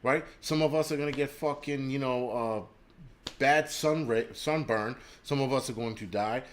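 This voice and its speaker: A man's voice: medium pitch, unhurried, slight background noise. Angry profane man ranting on a livestream. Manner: reads viewer names and donations aloud. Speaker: livestream host.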